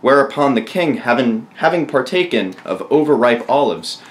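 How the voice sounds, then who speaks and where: A man's voice: medium pitch, expressive, moderate pace. A man reading a bawdy mock-biblical tale aloud, chuckling his way through the punchlines. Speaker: storyteller.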